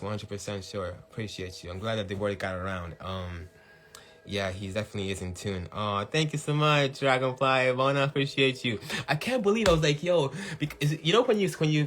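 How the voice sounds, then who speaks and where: Animated man talking on a livestream. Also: medium pitch. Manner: animated, laughs often, shouts when acting out hype. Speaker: podcast host. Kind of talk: casual livestream talk.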